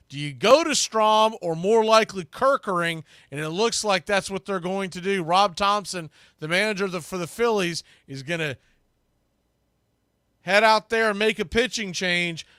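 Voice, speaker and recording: A man calling baseball play-by-play for a live stream watch party, talking through game strategy and getting louder on the big pitches. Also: a little slow, smooth, no room sound, clean studio sound. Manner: conversational, analytical, bursts louder on big pitches. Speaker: play-by-play announcer.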